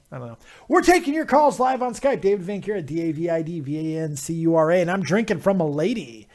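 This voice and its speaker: A man hosting a live call-in stream, talking casually, joking and swearing loudly. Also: a little high, expressive, brisk. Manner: loud, profane, joking, drifts into mock singing. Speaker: livestream host.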